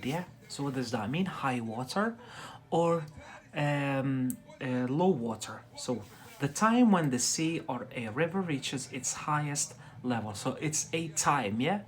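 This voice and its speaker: A man from Algeria, giving a live-streamed English lesson, talking deliberately and checking in with "yeah?" after most phrases. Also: medium pitch, animated. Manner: deliberately slow, frequent "yeah?" check-ins. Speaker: English tutor livestreamer.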